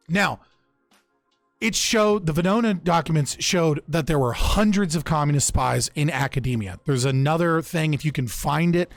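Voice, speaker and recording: A man's voice: a little high, expressive, normal speed, creaky, no echo, faint music behind. A young man casually recounting political history on a podcast, loose and profane, often restarting his sentences. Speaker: podcast speaker.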